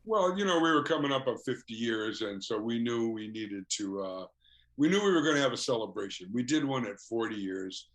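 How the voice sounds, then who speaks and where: A man's voice: mid-range voice, lively intonation, brisk, a bit bright. An older man, a musician guest in a casual interview, telling stories with frequent chuckles and "you know" fillers.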